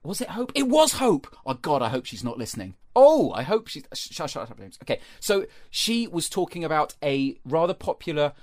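A man's voice: a little high, sing-song, normal speed, few pauses, a little mellow, dry recording, studio quality. A man co-hosting a comedy podcast, bantering playfully and steering the chat from topic to topic. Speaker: podcast co-host.

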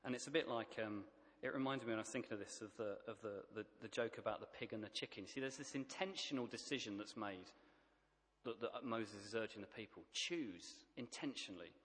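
A man's voice: fairly low pitch, fairly quick, fairly bright tone, big-room sound. A man preaching a sermon, emphatic and plain-spoken, stacking up repeated phrases.

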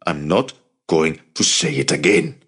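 A man voicing a stern, fierce middle-aged uncle who speaks in a low, firm, commanding way. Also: normal speed.

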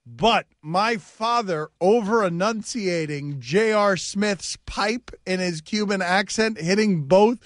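A man's voice: high voice, takes it slowly, hardly any pauses, fairly bright tone, no room sound, studio quality. A man hosting a sports talk radio show, telling stories animatedly and laughing at his own bits. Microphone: studio mic.

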